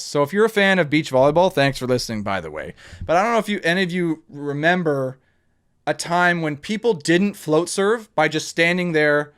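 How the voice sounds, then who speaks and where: A man's voice: fairly high pitch, clean tone. A man hosting a casual podcast chat, talking emphatically with many restarts. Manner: animated, emphatic, rambling with restarts.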